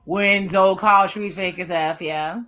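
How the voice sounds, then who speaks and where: Gossipy young woman reacting to a dating show, bright voice, laughs a lot, faint music behind. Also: lowish voice, fairly even intonation, normal speed. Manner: chatty, laughing, gossipy recaps and quotes. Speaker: reaction video host. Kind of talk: casual reality-TV reaction commentary.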